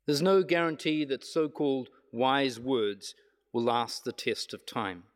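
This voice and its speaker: A man preaching a reflective sermon, measured, slowing down for emphasis. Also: mid-range voice, animated. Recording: long hall reverb.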